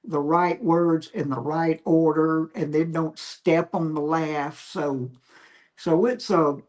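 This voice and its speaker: A male comedian, a guest on a podcast, telling stories in an animated, reflective way about his craft. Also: fairly high pitch, slow. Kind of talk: casual storytelling chat.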